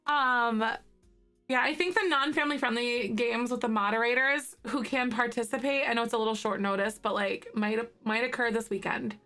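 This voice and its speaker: A woman in her thirties chatting with live viewers in a bubbly, rambling, giggly way. Her voice is slightly hoarse from morning throat. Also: fairly high pitch, moderate pace, pushed and bright, soft background music. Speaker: livestreamer. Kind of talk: casual chat with live viewers.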